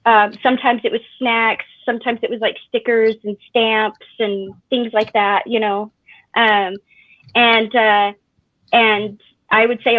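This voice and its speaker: A woman's voice: on the high side, little pitch movement, a little slow, no echo. A woman hosting a casual chat show, telling stories at length and laughing often. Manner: chatty storyteller, laughs often. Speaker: podcast host. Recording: tinny phone-like line, dry.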